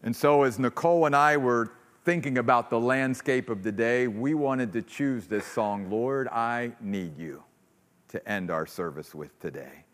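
A man preaching a sermon as pastor, earnest, acting out quoted voices, then leading a closing prayer in a church. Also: measured pace. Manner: earnest, acts out quoted voices with rising pitch. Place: church sanctuary. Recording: long reverb of a large hall.

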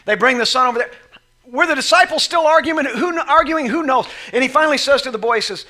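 A man delivering a sermon in a high, sharply bright voice. He reads scripture slowly and quietly. He then acts out the scenes, rising to loud, shouted passages. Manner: acts out Bible scenes in voices, swings from soft reading to shouting. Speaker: pastor.

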